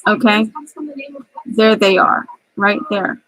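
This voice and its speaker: A woman's voice: medium pitch, little pitch movement, takes it slowly, a bit bright, no room sound, poor audio. A middle-aged woman telling a rambling, angry story about work in a vlog. She is close to tears and often restarts her sentences. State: near tears. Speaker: vlogger.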